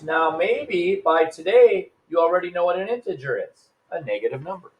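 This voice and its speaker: A man's voice: high-pitched, lively intonation, moderate pace. A male teacher giving a recorded math lesson, casual and upbeat, talking straight to his students.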